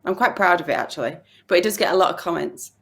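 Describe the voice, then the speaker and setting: A woman's voice: lowish voice, fast talker, vocal fry. A woman in her thirties with a strong Yorkshire accent, chatting as a podcast guest over a video call and laughing often. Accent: Yorkshire English. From Yorkshire, England. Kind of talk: casual video-call chat.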